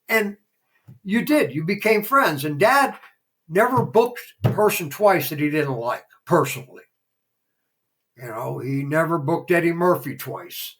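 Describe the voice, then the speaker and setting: A man's voice: a little high, moderate pace, fairly bright tone, poor audio. A man, a former theater promoter, telling rambling behind-the-scenes anecdotes as a podcast guest, full of fillers. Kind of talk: casual interview storytelling.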